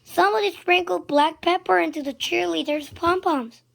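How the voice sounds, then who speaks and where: Excited sports fan yelling from the stands, a woman reading the part, high and gravelly, for a storybook. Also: a little slow, full character voice. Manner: loud, exclaiming.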